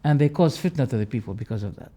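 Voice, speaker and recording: A fast-talking man with a mid-range voice and lively intonation lectures on religious creed. He hammers home key words by repeating them, his pitch climbing sharply and then falling quiet.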